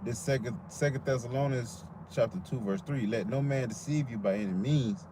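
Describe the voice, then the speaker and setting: Quiet man reading verses over noise. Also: medium pitch, normal speed.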